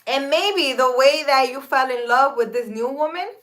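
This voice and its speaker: Speaking at normal speed in a high, slightly bright voice, a woman in her thirties live-streams from a park. As a spiritual advisor, she talks earnestly and emphatically to viewers about faith and relationships in a casual way.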